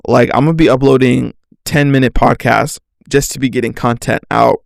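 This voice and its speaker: A man's voice: medium pitch, steady tone, moderate pace, creaky, dry recording, clean studio sound. A man hosting his own podcast alone, rambling casually with jokes and lots of fillers. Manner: rambling, joking, self-mocking, full of "like". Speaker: podcast host. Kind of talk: casual solo podcast chat.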